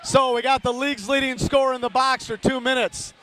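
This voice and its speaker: A man calling a youth hockey game live, rattling off player names, shouting on big plays and chatting to listeners between whistles. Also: extremely high pitch, flat delivery, fairly quick, a little hiss or hum. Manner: chatty asides, greeting listeners by name. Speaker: hockey play-by-play announcer. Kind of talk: live play-by-play commentary.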